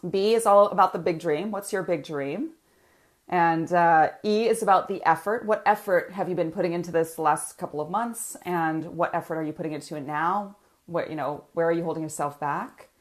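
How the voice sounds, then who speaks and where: A woman coach leading a live online training. She talks in an animated way, laughs often and uses frequent filler words. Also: lowish voice, moderate pace. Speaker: business coach teaching a training.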